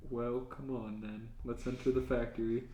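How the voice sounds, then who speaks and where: A man voicing a polite, expressionless male candy-factory owner in a comedy podcast reading, slow and flat. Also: mid-range voice, close to an everyday voice. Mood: deadpan. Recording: roomy echo.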